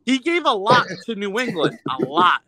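A man's voice: very high-pitched, big pitch swings, moderate pace, over a noisy crowd. A man in his twenties chatting on a podcast in a playful, good-natured way. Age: 20s. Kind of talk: casual chat.

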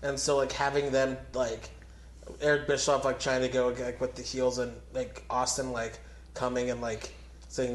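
A man's voice: medium pitch, level tone, moderate pace, poor audio. A man co-hosting a casual wrestling chat podcast, rambling with many fillers and joking around. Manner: rambling, lots of fillers, jokey impressions. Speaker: podcast co-host.

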